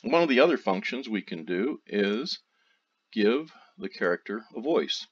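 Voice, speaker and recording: Low-voiced man explaining software. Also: a little slow, husky. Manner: steady step-by-step explaining, loose phrasing. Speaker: software tutorial presenter. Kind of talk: screen-recorded tutorial narration. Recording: dull lo-fi audio.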